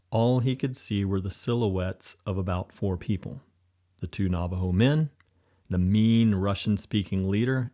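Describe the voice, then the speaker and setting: Low-voiced man narrating an audiobook. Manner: steady storytelling. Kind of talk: scripted narration.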